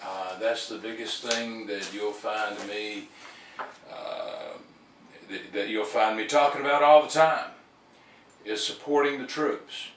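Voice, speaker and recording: A man's voice: fairly low pitch, takes it slowly, reverberant, recorded from a distance, slight background noise, rough recording. A man hosting a call-in talk show, rambling with many fillers and restarts. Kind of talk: casual talk-show monologue.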